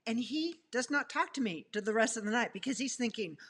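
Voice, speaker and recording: Expressive woman retelling her love story. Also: a little high, a little fast, breathy edge. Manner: expressive, laughing, acts out her own past thoughts. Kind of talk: animated personal storytelling.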